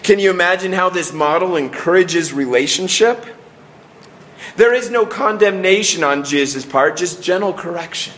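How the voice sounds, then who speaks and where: A man's voice: high-pitched, fairly bright tone, slight background noise. A middle-aged man preaching a sermon in an earnest way, often restarting and trailing off at the ends of phrases. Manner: earnest, with many restarts and falling pauses.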